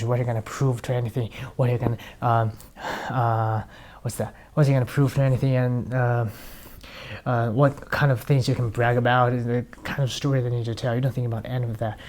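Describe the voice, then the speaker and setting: Male speaker, casual motivational talk; blunt and profane, acts out scenes, warm mellow timbre. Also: mid-range voice.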